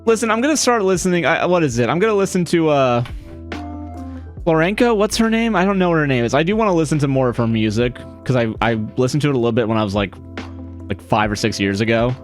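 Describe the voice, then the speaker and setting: A man's voice: mid-range voice, expressive, quick pace. Streamer guy rambling along, keeps saying sorry, laughs a lot, faint music behind. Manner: rambling, self-correcting, apologetic, laughs often. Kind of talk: casual live-stream chat.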